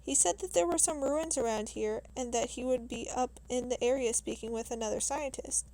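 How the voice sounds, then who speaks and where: A woman voicing an excitable foreign male professor in a read-aloud novel, in a raised, eager questioning tone. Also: fairly high pitch, moderate pace, lightly acted, poor audio. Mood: earnest.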